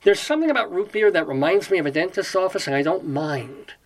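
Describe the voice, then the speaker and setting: A talkative man hosts an offhand monologue on a single word. His pitch leaps up and down as he wanders from tangent to joke. He muses aloud while he reads, in a loose, unscripted way. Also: lively intonation, quick pace. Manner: chatty, digressive, jokey, thinks aloud while reading definitions. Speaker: host of a dictionary word show. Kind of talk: casual rambling monologue.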